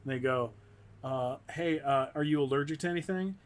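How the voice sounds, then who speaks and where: A man's voice: medium pitch, a little fast. A man, a comedian, telling a rambling story in casual chat and acting out quotes in raised voices. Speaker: guest comedian.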